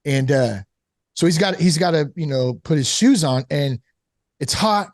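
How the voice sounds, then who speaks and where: A man casually telling a candid personal story about fatherhood and recovery, animated, full of "like" and "you know". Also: fairly high pitch, unhurried, no echo, clean studio sound. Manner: candid, animated, acts out quoted voices; frequent fillers like "like" and "you know". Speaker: sober father on a recovery podcast.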